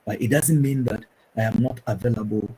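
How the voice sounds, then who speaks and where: This lowish, husky voice belongs to a middle-aged pastor from Ghana, talking briskly and earnestly on a family talk show. The recording is low quality. He sounds preacherly and turns animated, shifting into livelier voices, whenever he quotes someone.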